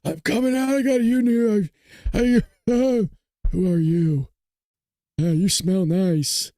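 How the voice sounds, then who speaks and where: A man's voice: sits high, slow pace, mellow, no echo, studio quality, pitched above the performer's own voice. A man doing an impression of a doddering, rambling elderly president who mumbles and trails off.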